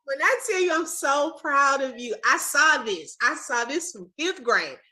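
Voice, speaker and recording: A woman's voice: high voice, expressive, a little slow, sharp tone. A woman hosting a casual video-call chat, praising a former student with emotion and often saying "when I tell you". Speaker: host, former teacher.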